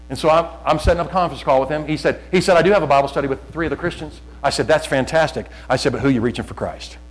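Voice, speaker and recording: A middle-aged man, a pastor, preaching in a conversational storytelling way, telling anecdotes with jokes and swinging between quiet asides and loud urging. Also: mid-range voice, rough recording. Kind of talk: sermon.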